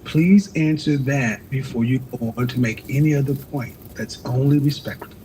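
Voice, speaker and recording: A man's voice: mid-range voice, normal speed, a little mellow, slight background noise. A man hosting a live call-in advice show, blunt and lecturing, cutting callers off.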